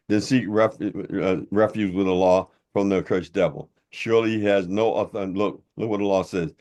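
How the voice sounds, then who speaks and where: Deep-voiced older man, combative rebuttal. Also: a little mellow. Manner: combative, mocking, preacher-like; blunt and informal. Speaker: religious commentator. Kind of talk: heated rebuttal monologue.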